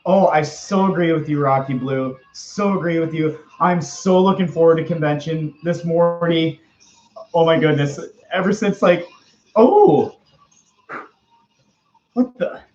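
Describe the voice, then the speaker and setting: A man's voice: on the high side, measured pace, a little mellow, natural voice. A man putting on the voice of Morty, a nervous, stammering fifteen-year-old boy, while hosting a livestream chat. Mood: scared. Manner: stammering, repeating "oh geez" and "oh boy". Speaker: livestream host. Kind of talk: live-stream character chat. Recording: echoey room, dull lo-fi sound.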